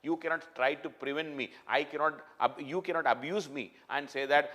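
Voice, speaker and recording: A man's voice: medium pitch, brisk, hardly any pauses, a bit bright. A man giving a spoken lecture, emphatic and repetitive, often restarting his sentences and using fillers. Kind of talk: classroom lecture.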